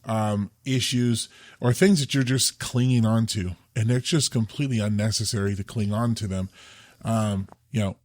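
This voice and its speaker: A man's voice: lowish voice, steady tone, normal speed, darkish tone, no room sound, studio quality. A man co-hosting a faith podcast, talking earnestly and casually, often repeating words as he restarts. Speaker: podcast co-host.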